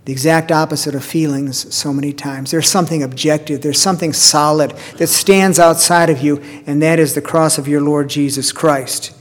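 A man preaching a sermon in a slightly higher voice, earnest and deliberate, softening to a hushed tone on the prayer lines. His words ring out with a long reverb, as in a church. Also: steady tone. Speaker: pastor.

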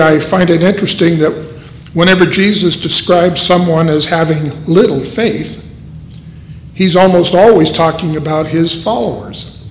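A man preaching a sermon in an earnest, unhurried way, with dramatic pauses. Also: on the high side, a little hiss or hum. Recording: echoey hall.

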